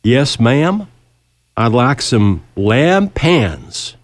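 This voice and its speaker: A man putting on an old Southern gentleman with a thick Louisiana accent and slow, drawn-out speech. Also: mid-range voice, sing-song, no echo, studio quality, voice pushed up. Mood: polite.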